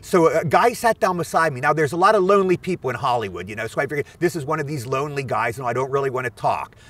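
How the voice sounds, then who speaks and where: A man's voice: mid-range voice, fast, dry recording, distant mic. A man in his sixties, an actor guest eagerly telling anecdotes outdoors. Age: 60s. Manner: animated, eager storyteller. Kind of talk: anecdotal storytelling. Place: outdoors at a film location.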